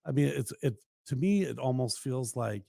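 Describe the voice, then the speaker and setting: A Minnesota man co-hosting a real estate radio show, with a warm, mellow voice that has some gravel in it. He talks in an easygoing, agreeable way and often trails off. The studio sound is dry. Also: medium pitch, lively intonation, moderate pace, dry recording. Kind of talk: casual studio chat.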